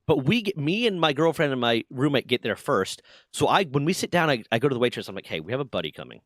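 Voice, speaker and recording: A man's voice: a little high, quick pace, no echo, clean studio sound. A man in his twenties chatting casually on a game stream, telling stories with lots of swearing and acted-out quotes. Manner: animated storyteller, swears often, acts out quotes. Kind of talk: casual chat while gaming.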